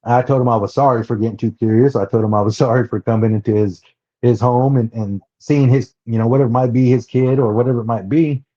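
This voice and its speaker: A man from Oklahoma telling his own story as a podcast guest, his voice warm and mellow. He talks haltingly, often restarting and repeating words. The sound is dull and a little lo-fi. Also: medium pitch, fairly even intonation. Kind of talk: personal storytelling.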